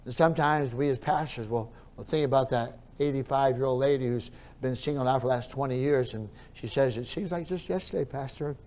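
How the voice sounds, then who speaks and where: A male pastor preaching a sermon, repeating his phrases and moving between quiet storytelling and loud, raised preaching. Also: mid-range voice, steady tone, brisk, hardly any pauses.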